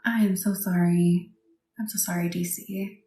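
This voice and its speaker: Soft-spoken woman in an echoey room. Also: on the low side, steady tone, unhurried. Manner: soft, reassuring, often drops to a whisper. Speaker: Reiki practitioner hosting a live session. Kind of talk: livestream chat with viewers. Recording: echoey room with faint background noise.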